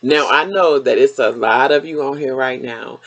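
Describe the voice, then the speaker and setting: A woman, chatting casually as host and telling a story with lively, animated delivery. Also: rumbling low, normal speed. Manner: animated storytelling, bursts into sung lines. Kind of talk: casual chat.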